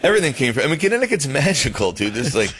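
A man's voice: mid-range voice, big pitch swings, very fast, a bit bright, breathy edge. A man co-hosting a casual chat, a chef who teases and laughs often. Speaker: co-host, chef.

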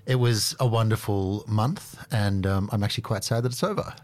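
A man's voice: lowish voice, steady tone, normal speed, no echo. A man answering questions as a guest in a radio studio, earnest and enthusiastic. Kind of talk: interview answers.

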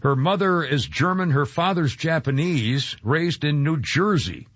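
A man's voice: on the high side, animated, measured pace, fairly bright tone, slightly rough, no echo, highs cut off. A man hosting a radio talk show, chatting casually in a rambling, jokey way full of hesitations.

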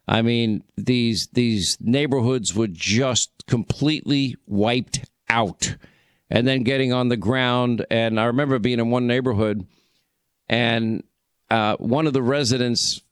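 A man's voice: mid-range voice, clear, resonant tone, no room sound. A man hosting a call-in radio show, chatting with callers in an affable, teasing way. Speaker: radio talk show host.

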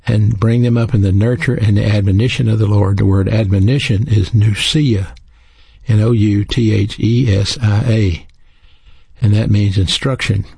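A man preaching in an earnest, teaching manner, his low voice gravelly and husky. The tone is dark and mellow, and the sound is close and dry with no room around it. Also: steady tone, moderate pace, no room sound. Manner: earnest, teaching, spells out words. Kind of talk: sermon.

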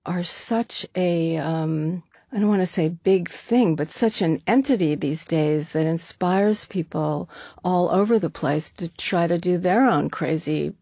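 An older woman speaks low in her voice, with a gravelly edge at the bottom. She is chatty and laughs a lot, filling pauses with "um" and "you know". The sound is dry and close. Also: dark tone, no echo. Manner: laughs often, chatty, many fillers. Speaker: guest, art activist co-founder. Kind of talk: casual interview talk.

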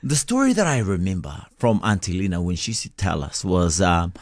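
Animated man telling a story. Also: low voice, brisk, no echo. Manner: animated storyteller, laughs often. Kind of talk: casual storytelling chat.

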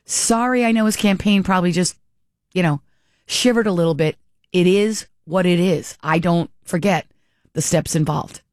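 A woman's voice: fairly low pitch, moderate pace, a little mellow, dry recording, clean studio sound. A woman giving opinionated political commentary, indignant and sarcastic, firing off rhetorical questions.

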